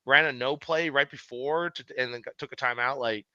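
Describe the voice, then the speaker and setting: A man co-hosting a casual sports podcast, excitable and swearing freely, with quick asides. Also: mid-range voice, smooth, dry recording, highs cut off. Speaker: podcast co-host.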